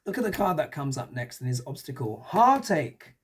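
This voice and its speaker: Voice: medium pitch, big pitch swings, moderate pace, husky. A tarot reader giving a casual, musing reading, talking it through aloud and often tossing in rhetorical questions.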